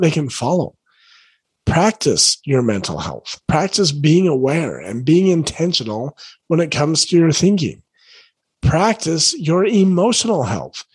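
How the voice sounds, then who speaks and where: A parenting coach, a man, talks straight to his viewers in an earnest, encouraging way, circling back to the same phrases. His voice is a little husky and tired from the late hour. The sound is dry and close, with no room around it. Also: medium pitch, dry recording, rough recording. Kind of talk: casual direct-to-camera talk.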